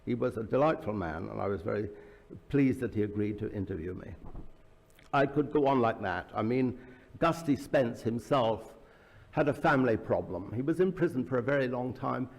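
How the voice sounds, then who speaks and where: A man's voice: mid-range voice, lively intonation, moderate pace, vocal fry. A man speaking as an author at a book launch, telling anecdotes in a loose public talk, with many fillers and restarts. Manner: storytelling with frequent fillers and restarts. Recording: reverberant hall.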